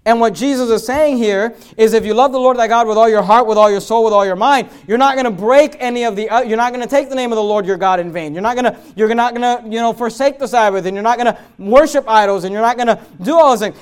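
A man, a pastor, preaching a sermon in a fervent way, mixing chatty asides full of restarts with loud, emphatic passages that build up. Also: very high-pitched, fast talker, hardly any pauses, clean tone. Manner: conversational asides with fillers and restarts.

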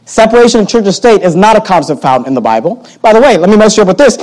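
A man preaching from the pulpit in a high voice. He drives his points home with sarcastic jabs, rising sharply for emphasis and dropping to quiet asides. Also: very animated, racing, rough recording. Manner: emphatic and sarcastic, swinging between loud and hushed. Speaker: pastor. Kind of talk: sermon.

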